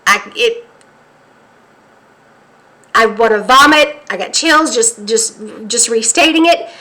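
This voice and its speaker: A woman from the United States recounting a dream as an earnest spoken testimony, halting and restarting, then pressing urgent warnings. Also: a little high, expressive, bright, forceful tone. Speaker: prophetic dream teller.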